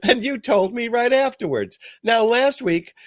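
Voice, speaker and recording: A man's voice: very high-pitched, a little slow, no echo, studio quality. An older man hosting a podcast, telling stories in a casual, self-deprecating chat. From New York. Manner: storytelling, animated and self-deprecating. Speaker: podcast host.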